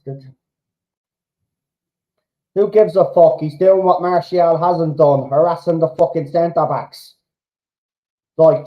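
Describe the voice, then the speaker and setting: Swearing excitable football fan. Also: male voice, on the high side, muffled recording. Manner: swearing, shouting at players, excitable. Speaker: fan channel host reacting live to a match. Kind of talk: live match reaction commentary.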